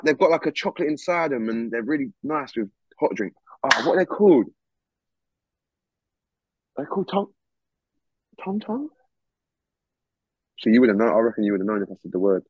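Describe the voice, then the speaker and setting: In a casual interview chat, a guest musician talks loosely and with lots of energy, swearing freely and using plenty of slang. His voice is medium-pitched, and the recording is dull and dry with no room sound.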